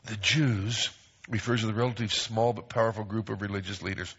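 A man's voice: fairly low pitch, steady tone, fast, fairly bright tone, husky. A middle-aged man pastor preaching a sermon, emphatic, repeating phrases and acting out quoted voices. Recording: dull lo-fi recording.

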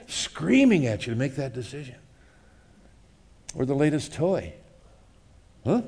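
Animated man preaching a sermon. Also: medium pitch. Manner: animated, swings from loud to hushed, acts out voices; conversational, asks the congregation questions. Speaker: pastor.

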